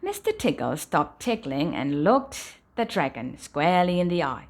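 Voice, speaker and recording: A woman reading a children's bedtime story aloud, animated and dropping softly at the ends of sentences. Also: on the low side, a little slow. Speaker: storybook reader.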